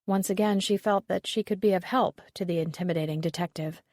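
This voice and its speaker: A woman reading a mystery novel aloud as an audiobook narrator, in an even, steady manner. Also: on the low side, fairly quick, no room sound, studio quality. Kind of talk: scripted narration.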